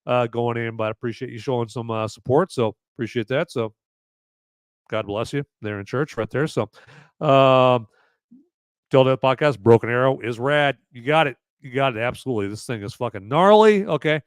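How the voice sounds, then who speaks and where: A man's voice: mid-range voice, normal speed, smooth, no room sound. A man hosting a live movie review podcast, rambling casually with many fillers and swearing. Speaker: podcast host.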